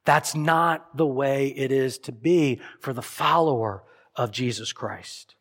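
A man preaching a sermon as pastor, emphatic and earnest, acting out imagined prayers and dropping to soft, solemn lines. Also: mid-range voice, slow. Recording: long hall reverb.

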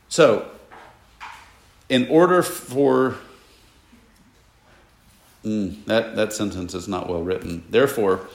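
Low gravelly guy teaching a bible class, stops to quiz the students, echoey classroom. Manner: explanatory, asks the class questions, casual asides. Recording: echoey room.

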